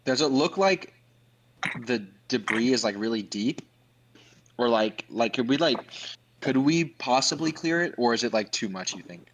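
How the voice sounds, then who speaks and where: A man's voice: mid-range voice, lively intonation, normal speed, fairly bright tone, a little hiss or hum, rough recording. A man playing in a tabletop game, asking questions hesitantly with many filler words. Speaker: player. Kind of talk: casual tabletop play.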